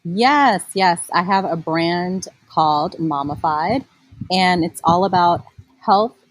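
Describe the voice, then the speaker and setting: A woman in her forties talks as a guest in a casual interview, her lowish voice breathy and husky. She chats freely, full of filler words and quick laughs. The sound is dry and close, with no room around it. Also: dry recording, rough recording. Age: 40s. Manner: chatty, many fillers, laughs easily. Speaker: guest, mom blogger.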